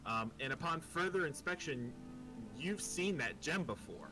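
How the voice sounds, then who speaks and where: A man narrating as game master of a tabletop game, relaxed and hesitant, with many pauses and ums. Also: fairly high pitch, over music, low-quality recording.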